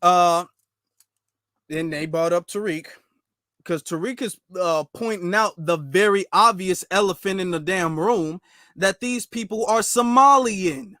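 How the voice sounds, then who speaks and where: A man's voice: high voice, unhurried, sharp tone, dry recording, studio quality. A man hosting a commentary video, reacting to clips with emphatic rhetorical questions and a rambling delivery full of fillers. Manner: rambling, with many fillers and restarts. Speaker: commentary host.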